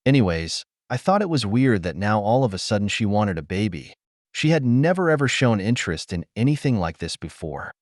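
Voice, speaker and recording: A man narrating a first-person story in an animated storytelling manner. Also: lowish voice, a little fast, no room sound, clean studio sound.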